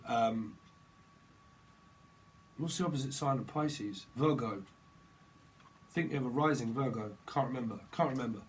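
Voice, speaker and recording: A man's voice: medium pitch, slight background noise, low-quality recording. A man doing a tarot reading, rambling and jokey, slipping into little acted-out scenes. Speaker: tarot reader.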